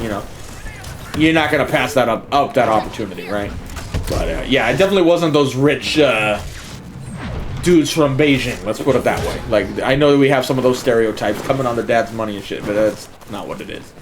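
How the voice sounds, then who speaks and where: A man, a gaming streamer, casually telling a story in a profane, animated way and chuckling as he goes. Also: medium pitch, noisy background. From United States.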